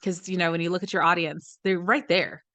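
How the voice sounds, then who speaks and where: A woman co-hosting a podcast speaks fairly quickly in a lowish, steady voice with a sharp tone, on a dry recording. She tells stories in casual chat, voicing the people she quotes and swearing now and then.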